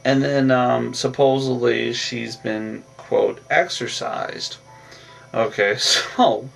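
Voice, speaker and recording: Man, casual plot recap, rambling with fillers, mid-pitched, a little distant from the mic. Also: vocal fry. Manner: rambling, filler-heavy retelling with repeated "on that". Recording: voice from away from the mic with faint music.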